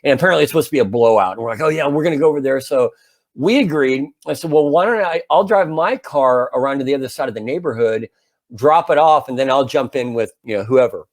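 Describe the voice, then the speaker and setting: A man in his fifties casually telling a long anecdote as a podcast co-host, animated and full of restarts. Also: mid-range voice, fast talker. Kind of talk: casual storytelling chat.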